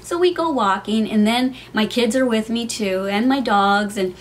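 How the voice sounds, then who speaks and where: A woman's voice: a little high, normal speed, a little hiss or hum. A middle-aged woman vlogging from her home, telling a heartfelt personal story in a chatty way, with many fillers.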